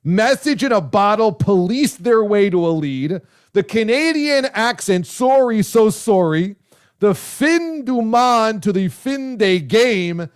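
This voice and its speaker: Excitable high-voiced male radio host. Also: slow, smooth. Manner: effusive, loud praise. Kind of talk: casual talk radio chat.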